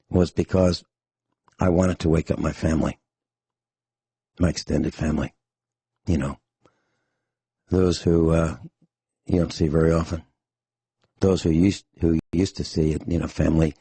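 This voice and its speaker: A hoarse, out-of-breath man hosting a talk radio show, speaking bluntly and angrily in an emphatic monologue. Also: sits low, warm tone, dry recording.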